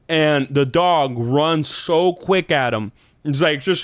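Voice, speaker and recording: A man's voice: normal speed, smooth, no echo, clean studio sound. A man hosting a podcast, casually telling a rambling dream story full of swearing and laughter. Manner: rambling, profane, laughs often, jumps up in pitch for quoted lines. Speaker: podcast host.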